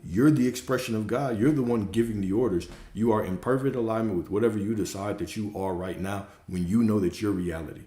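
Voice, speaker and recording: A man's voice: on the low side, fast, hardly any pauses, mellow. Emphatic man preaching in a roomy space. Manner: emphatic, repetitive, casual with swearing. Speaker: spiritual coach. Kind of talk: livestream talk. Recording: roomy echo.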